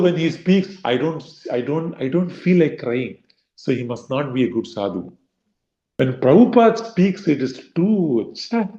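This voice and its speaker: A man gives a devotional scripture lecture in a chatty, rambling way, voicing imagined thoughts and leaning on filler phrases. His voice is mellow and mid-pitched. The recording sounds roomy and a little dull. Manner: conversational, acts out inner voices, frequent fillers. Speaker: devotional speaker.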